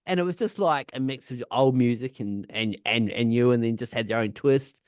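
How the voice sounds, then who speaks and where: Male podcast co-host, casual rambling storyteller, heavy swearing, mid-pitched, dry close sound. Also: moderate pace, dry recording. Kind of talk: casual chat.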